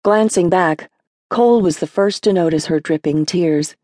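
A woman narrating a horror novel audiobook in a measured storytelling manner. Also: fairly low pitch, warm tone, dry recording, clean studio sound. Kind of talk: scripted narration.

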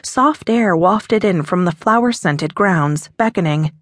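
A woman narrating a historical romance audiobook in an expressive storytelling manner. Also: fairly low pitch, measured pace, no room sound, clean studio sound. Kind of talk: scripted narration.

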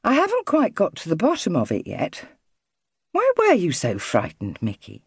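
Lady reading a brisk mum, firm but soothing, lots of ups and downs, storybook. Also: lowish voice, huge pitch swings, vocal fry, breathy edge, no room sound, clean studio sound, heavily acted. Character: brisk, caring mother of five.

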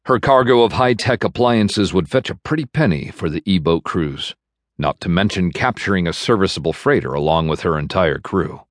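A man narrating an audiobook in a measured, even storytelling manner, recorded in a studio. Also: deep voice, dry recording. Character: bitter man navigator. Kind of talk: scripted narration. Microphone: studio microphone.

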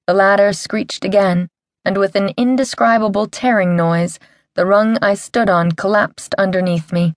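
A woman's voice: medium pitch, normal speed, dry recording, clean studio sound. A woman narrating a first-person audiobook in a wry, comic storytelling manner. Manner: wry, comic storytelling with lively character voices.

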